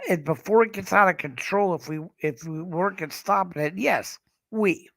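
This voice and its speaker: Male livestream host, gravelly, dry close sound, blunt and profane, rambling rant. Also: fairly high pitch, a bit bright, dry recording, rough recording. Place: room in a care facility.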